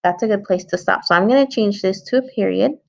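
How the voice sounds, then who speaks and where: In a slightly dull lo-fi recording, a woman teacher leads young children through an early-grade writing lesson. Her medium-pitched voice is fast, creaky, and a bit mellow as she patiently thinks aloud while editing her story.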